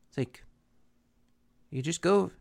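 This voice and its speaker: Slow and on the high side, with noticeable vocal fry, this man co-hosts a podcast recapping a cartoon episode. He keeps the conversation casual and animated, acting out quotes from the episode.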